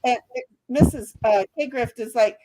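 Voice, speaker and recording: High-voiced woman reading chat aloud. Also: a little slow, crowd noise. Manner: reads out chat comments, swears freely, laughs often. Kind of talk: casual livestream chat.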